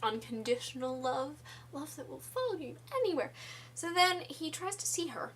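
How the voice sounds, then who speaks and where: A woman's voice: high voice, expressive, normal speed, a bit bright, slight background noise. A woman casually recapping a musical's story for her vlog, rambling with lots of "like" and fillers and giggly asides. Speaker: musical theatre vlogger.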